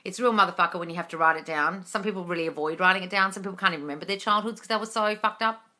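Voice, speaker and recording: A woman's voice: on the low side, rapid-fire, bright, forceful tone. A woman, chatting bluntly and swearing freely while she answers viewers on a home livestream. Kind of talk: casual live-stream chat. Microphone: phone mic.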